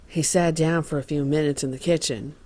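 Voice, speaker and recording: Guy reading a contractor on the witness stand, plain talk, slightly high voice, dramatized court testimony. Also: steady tone, fairly quick, a little mellow, lightly acted.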